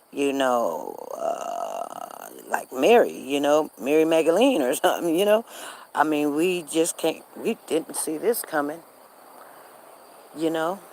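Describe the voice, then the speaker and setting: A woman's voice: low voice, darkish tone, slight background noise. Chatty middle-aged woman telling gossip. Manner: chatty and gossipy, asides to viewers. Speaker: live-stream host. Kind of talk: casual storytelling. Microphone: live-stream device.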